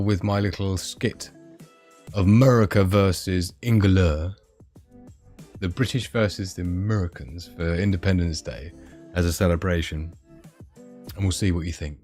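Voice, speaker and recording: A man's voice: sits low, moderate pace, darkish tone, soft background music. A man hosting a casual live stream, rambling and giggly with lots of fillers.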